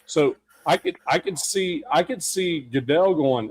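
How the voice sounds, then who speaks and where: A man with a somewhat high voice co-hosts a casual sports podcast. He argues emphatically, often restarting and repeating phrases as he builds his point. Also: measured pace, darkish tone, husky. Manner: emphatic, repetitive, argumentative. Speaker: podcast co-host.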